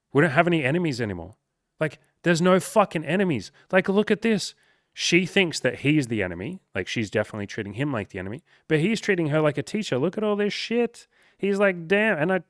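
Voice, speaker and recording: A man's voice: medium pitch, dry recording, clean studio sound. A man, a relationship coach, talking bluntly and swearing freely as he reacts to a viewer's messages.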